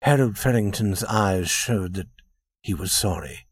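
A man narrating a story in a measured, expressive scripted reading. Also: on the low side, breathy edge, no echo, studio quality.

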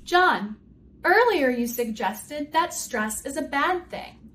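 A woman co-hosting a scripted grammar lesson, speaking clearly and deliberately. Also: high-pitched, expressive, fairly bright tone. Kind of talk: scripted educational dialogue.

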